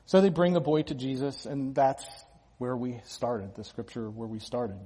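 A pastor delivering a conversational sermon, talking casually with restarts and the odd small laugh. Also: male voice, mid-range voice, steady tone, normal speed, dark tone, slightly rough, big-room sound.

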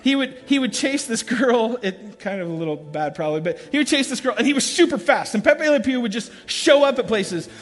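A middle-aged man, a pastor, preaching a sermon as an animated storyteller, laughing and acting out sounds as he goes. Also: very high voice, fairly quick, few pauses. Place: church sanctuary. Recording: large hall with long reverb, faint music.

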